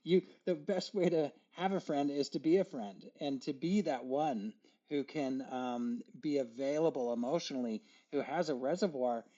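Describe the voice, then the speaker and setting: A man's voice: medium pitch, normal speed, hardly any pauses, mellow. A man guest on a podcast, speaking reflectively, stammering and acting out his inner dialogue. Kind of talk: casual conversation. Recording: dull, muffled sound.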